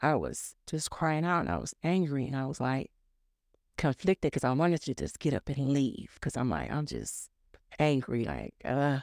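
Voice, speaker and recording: Gravelly-voiced woman telling a personal testimony. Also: a bass voice, sing-song, normal speed, darkish tone, dry recording, studio quality. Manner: candid, conversational, frequent fillers. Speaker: church member sharing a testimony. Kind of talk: personal testimony, casual storytelling.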